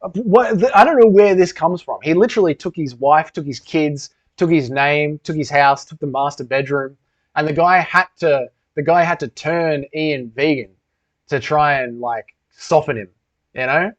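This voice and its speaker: A man's voice: a little high, moderate pace. A man hosting a casual livestream, reading comments and rambling with lots of swearing. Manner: loose, rambling, swears a lot. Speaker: livestream host. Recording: dull lo-fi stream audio.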